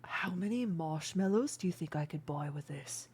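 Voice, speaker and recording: A woman's voice: lowish voice, lively intonation, normal speed, a crowd in the background, natural voice. A woman voicing a timid, eager-to-please old male helper with cloudy eyes. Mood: bashful.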